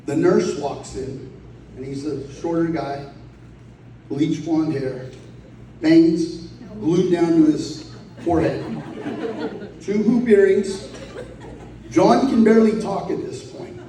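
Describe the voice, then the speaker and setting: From far off in a large, echoey hall, a man with a fairly high but dark-toned voice gives a rambling eulogy full of stories. He speaks slowly with frequent pauses, laughs, and swears now and then, while a faint hiss or hum sits under the distant-mic recording.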